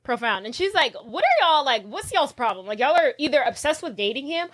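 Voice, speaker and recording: A woman's voice: sits high, big pitch swings, a little fast, fairly bright tone. A woman co-hosting a casual podcast, retelling a movie scene by scene and acting out the characters' lines. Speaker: podcast co-host. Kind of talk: casual movie recap chat.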